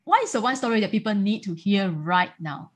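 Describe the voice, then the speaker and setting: A woman's voice: mid-range voice, lively intonation, a little fast, husky. A woman hosting a podcast, asking her guest long, encouraging questions. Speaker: podcast host. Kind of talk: interview questions.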